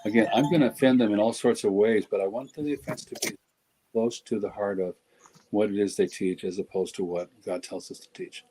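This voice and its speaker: A man's voice: fairly low pitch, brisk, dark tone, slight background noise, poor audio. A middle-aged man talking on a podcast in a blunt, joking way, often breaking off and restarting his sentences. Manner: blunt, joking, self-interrupting. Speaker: podcast guest speaker. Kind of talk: casual podcast discussion.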